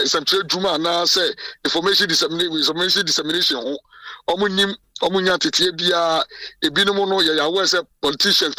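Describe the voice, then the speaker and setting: A Ghanaian man speaks emphatically in a radio interview, often restarting his sentences. His voice is bright and forceful, and it sits a little high. He is heard from some distance in a dry recording. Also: no room sound. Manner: code-switching, emphatic, frequent restarts. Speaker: president of a journalists' association.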